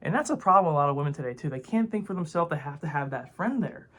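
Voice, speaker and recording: Fast-talking young man ranting to camera. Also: fairly high pitch, lively intonation, a bit bright. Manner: rambling and heated, with constant filler words and swearing. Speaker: vlogger. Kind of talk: casual opinion rant to camera.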